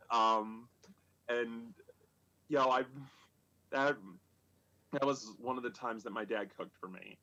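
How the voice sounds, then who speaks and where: A man in his thirties spins a funny story from his childhood at a live storytelling show. He rambles and stops himself, circling back with lots of fillers and restarts. His voice sits at an ordinary middle pitch. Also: bright, forceful tone, dull audio. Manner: rambling and halting, full of "like" and restarts. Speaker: stand-up comic telling stories.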